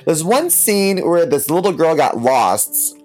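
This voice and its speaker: A man co-hosting a casual podcast chat, telling stories in a playful, animated way. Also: fairly high pitch, takes it slowly, soft background music. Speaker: podcast co-host.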